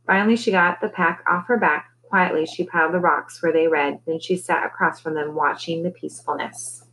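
A woman teacher reading a novel aloud to her class, relaxed, with conversational asides between chapters. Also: lowish voice, brisk, a little hiss or hum, rough recording.

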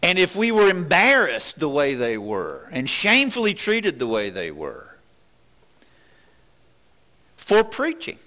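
A man's voice: a little high, wildly swooping pitch, takes it slowly, long pauses, sharp tone. A man preaching a sermon in an earnest, questioning way, with many restarts.

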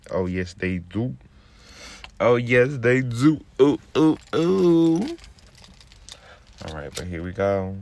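Brash profane young man ranting. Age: 20s. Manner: drops into a low, laid-back murmur while rolling a blunt. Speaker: podcast host. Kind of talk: casual rant.

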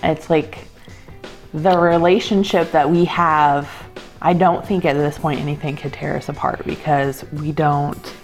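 A woman's voice: deep voice, fairly even intonation, a little slow, soft background music. A woman co-hosting a podcast, chatting casually in a brash, teasing way and swearing freely. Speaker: podcast co-host. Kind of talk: casual chat.

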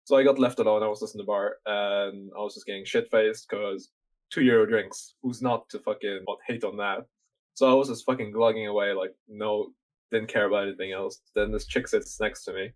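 A young man from Norway talks loosely and at length, his voice sitting on the lower side. He rambles with plenty of fillers and swear words, in an easy chat between friends. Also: steady tone, fairly quick, poor audio. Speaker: podcast guest telling a story. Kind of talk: casual chat.

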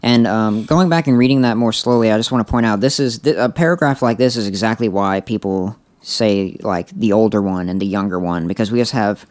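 A man co-hosting a podcast, reading a story aloud in a deadpan way with joking asides. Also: fairly low pitch, brisk, hardly any pauses, dry recording. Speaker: podcast co-host.

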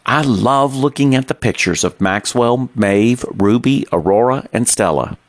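A man voicing a cheerful, warm office coworker with bright greetings, pitched well above his own voice. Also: measured pace, no echo, lightly acted.

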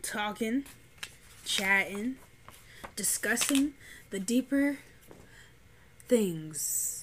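A woman's voice: mid-range voice, expressive, extremely slow, a little hiss or hum. A young woman, co-hosting a podcast and telling a story animatedly, swearing freely. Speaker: podcast co-host. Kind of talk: casual chat.

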